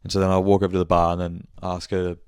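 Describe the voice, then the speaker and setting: A man's voice: low-pitched, monotone, very fast, a little mellow, clean tone, no echo, studio quality. A young man telling a rambling story on his podcast, swearing and correcting himself as he goes. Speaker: podcast host. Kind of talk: casual monthly check-in chat.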